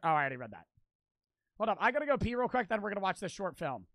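Male streamer, slightly high and bright voice, casual rambling slang, dry close-miked sound. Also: quick pace, dry recording. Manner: animated, slangy, rambling with many "like"s. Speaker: streamer reacting to videos. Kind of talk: casual live-stream chat.

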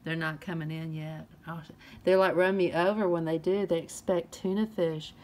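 A woman's voice: lowish voice, steady tone, brisk, slight background noise, rough recording. A woman, vlogging outdoors and cooing at her cats in baby talk. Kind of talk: casual pet vlog. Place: outdoors by a house.

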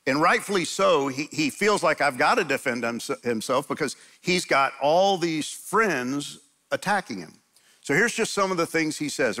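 Gravelly-voiced animated man preaching. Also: on the high side. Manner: animated storytelling, acts out quotes. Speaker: pastor. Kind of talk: conversational sermon. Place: church sanctuary.

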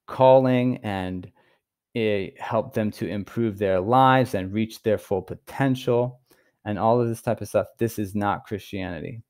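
Male preacher, lower voice, emphatic and sincere teaching delivery. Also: a little mellow, clear, resonant tone. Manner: earnest, emphatic, stresses key words with pauses. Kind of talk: recorded Bible teaching.

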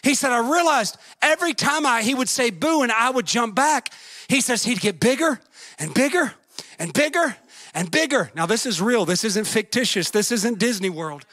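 A man preaching a fervent sermon, swinging between shouts and a singsong cadence and acting out the voices in his stories. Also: extremely high pitch, lively intonation, moderate pace, dry recording. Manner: acts out story voices, folksy grammar.

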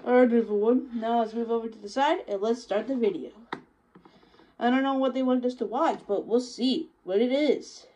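A woman hosting a fan reaction skit, voicing several characters and swinging between shouts and quiet asides. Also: fairly high pitch, normal speed, lo-fi sound, slight background noise.

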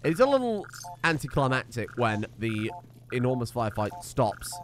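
A man's voice: mid-range voice, sing-song, normal speed, a little hiss or hum. A man giving wry, chatty let's play commentary, swearing casually. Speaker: gaming streamer.

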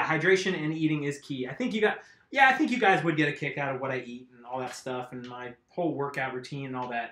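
A man's voice: fairly high pitch, fairly bright tone. A man hosting a casual live stream, chatting and laughing with viewers while he works on a bike tire. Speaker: mountain bike video host. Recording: echoey room.

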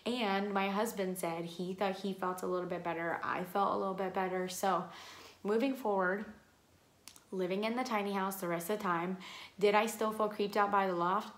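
A woman's voice: mid-range voice, steady tone, moderate pace. Chatty woman vlogger in an echoey room. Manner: rambling, heavy use of "like" and "um". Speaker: vlogger telling her own paranormal stories. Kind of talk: casual storytelling to camera.

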